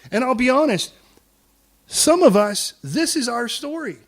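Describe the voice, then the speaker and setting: A male preacher delivers a sermon in a church, animated and full of jokes. His voice sits fairly high for a man. He slips readily into acted voices for the figures he describes. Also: unhurried. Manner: lively and humorous, acts out quoted voices. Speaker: pastor.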